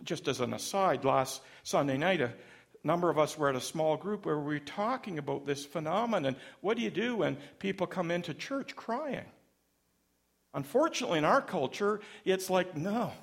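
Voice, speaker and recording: A middle-aged man preaching a sermon, with a dramatic delivery that rises suddenly and drops soft. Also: a little high, expressive, normal speed, vocal fry. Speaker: pastor.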